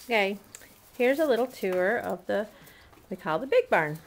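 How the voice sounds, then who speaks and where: This woman's mid-range voice is expressive and moves at normal speed. She gives an easygoing, rambling walk-through of her homestead outdoors on a small farm, among barns and animals, sprinkling in fillers and small laughs. It's recorded on a handheld camera mic.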